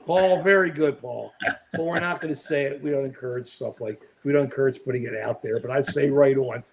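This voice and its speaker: This co-host speaks from home in New York in a creaky, mid-range voice at a fairly quick clip, chatting animatedly on a live political show and naming viewers as he goes.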